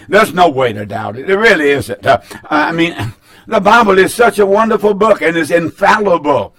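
Male pastor on air, slightly high voice, folksy, emphatic, says things twice. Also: animated, normal speed, a bit bright. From North Carolina, US. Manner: folksy, emphatic, repeats phrases. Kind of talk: broadcast sermon with call-in announcements.

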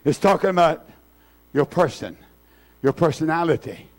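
A man's voice: a little high, lively intonation, moderate pace. A man preaching a fervent revival sermon, repeating himself with many fillers and restarts.

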